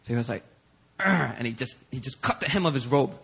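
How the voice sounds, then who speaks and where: A male pastor preaching a sermon in a church, telling stories in an animated, conversational way. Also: mid-range voice, fairly quick, creaky, breathy edge. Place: church sanctuary.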